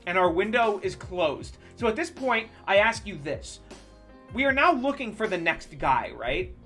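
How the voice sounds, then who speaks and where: Streamer, casual profane rant, lively swinging pitch, bright edge, faint music behind. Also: unhurried. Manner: animated, profane sports ranting. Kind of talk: casual rant while live-streaming a game.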